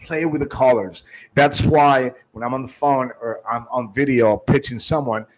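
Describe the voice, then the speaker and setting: A man's voice: mid-range voice, moderate pace, rough recording. Emphatic man giving sales training. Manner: emphatic, shifts tone and volume to demonstrate; restarts often.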